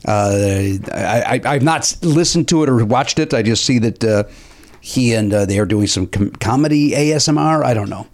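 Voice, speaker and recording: A male podcast host with a lively, swooping delivery. He rambles, jokes and teases his guest, filling gaps with plenty of "uh"s. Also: medium pitch, moderate pace. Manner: rambling, teasing, many fillers. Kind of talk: casual chat.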